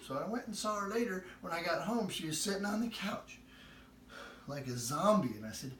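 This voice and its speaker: In a home kitchen, a male cooking-show host bakes and spins a funny family tale, his voice a little high and a little fast. He tells it like an animated comic, weaving the anecdote into the demo. Slight background noise and an echoey, far-off room sound color the recording.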